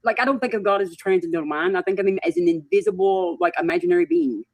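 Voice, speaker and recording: A woman's voice: lowish voice, very fast, a little mellow, no room sound. A woman from Kentucky with a hillbilly accent, arguing bluntly and folksily in a casual debate, peppering her speech with "like". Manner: blunt, folksy, heavy use of "like". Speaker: debate participant.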